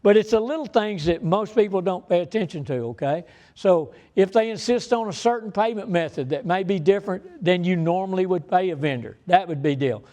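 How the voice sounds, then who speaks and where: A man's voice: sits high, animated, brisk, mellow. A man giving an informal business presentation on fraud to an audience, speaking in a folksy, emphatic, repetitive way. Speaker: bank fraud manager presenting to business owners. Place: meeting room before an audience.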